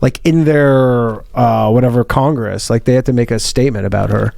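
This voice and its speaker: A man's voice: mid-range voice, moderate pace, creaky, a little mellow, no echo. A man co-hosting a podcast in casual chat, rambling and chatty with lots of fillers. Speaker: podcast co-host.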